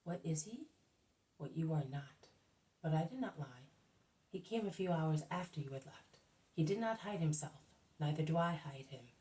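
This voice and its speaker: A burly, furious innkeeper growls blunt threats, as a woman reading a storybook aloud puts him on. The voice sits low and dark, heard from some distance off the mic. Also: expressive, normal speed.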